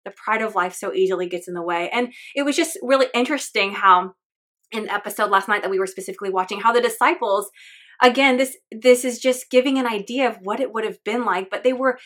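Bright-voiced lady doing a faith podcast, earnest, chatty, lots of "like"s. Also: fairly high pitch, fast talker. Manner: earnest, candid, chatty with many fillers. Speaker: podcast host.

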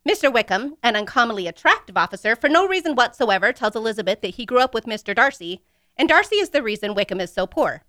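A woman's voice: fairly high pitch, sing-song, quick pace, a bit bright, no echo, studio quality. A woman co-hosting a podcast, casual and playful, laughing easily while reading a book synopsis. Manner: giggly, playful. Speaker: co-host.

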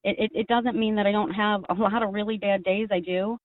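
A woman's voice: mid-range voice, fairly even intonation, brisk, dry recording. Woman calling in over a tinny phone. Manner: earnest, rambling with restarts. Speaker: caller. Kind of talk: casual call-in chat. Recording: tinny phone line, dry.

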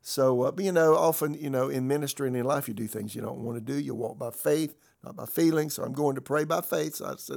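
A man's voice: medium pitch, fast, gravelly, hardly any pauses, darkish tone. A man pastor teaching in a conversational sermon style, telling a personal story with many fillers and restarts.

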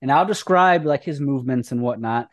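Man in the game master's seat, mid pitch, easygoing, dry close mic. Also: fairly quick, no room sound. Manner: relaxed, casual, loose with fillers. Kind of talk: narrating a tabletop game.

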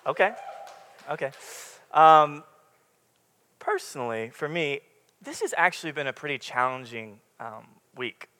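A man's voice: on the high side, sing-song, unhurried, long pauses, bright, forceful tone. A young man preaching a casual, candid sermon, rambling a little with many fillers and restarts. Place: church meeting room with congregation. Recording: long reverb from the room.

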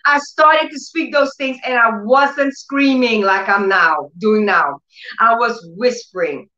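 A woman with a fairly high voice gives an emotional testimony as a sermon. She moves into fervent, near-shouting proclamations. The recording is echoey and dull, with a lo-fi sound. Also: slow. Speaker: testimony speaker.

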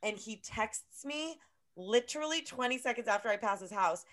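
A young woman co-hosting a podcast, telling a story in a loose, animated and profane way, full of filler words. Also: on the high side, normal speed. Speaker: podcast co-host. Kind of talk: casual chat, storytelling.

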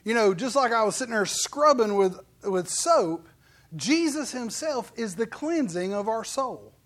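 A pastor preaching a casual, folksy sermon, animated and full of playful asides and quick put-on voices. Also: male voice, very high-pitched.

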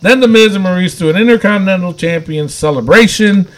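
A man's voice: high-pitched, brisk. A man casually recapping wrestling episodes on a podcast, rambling with lots of fillers and frequent laughs. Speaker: podcast co-host.

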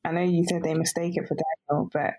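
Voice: mid-range voice, flat delivery, quick pace, darkish tone, rough recording. A podcast host asking a guest questions in an easygoing, encouraging way. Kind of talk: interview questions.

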